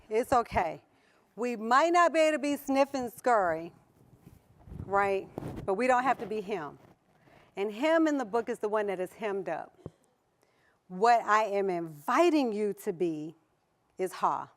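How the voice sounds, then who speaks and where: A woman with a Southern US accent giving a motivational conference talk to an audience, playful, laughing often and putting questions to the crowd. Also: mid-range voice. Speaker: conference keynote speaker. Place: conference hall before an audience.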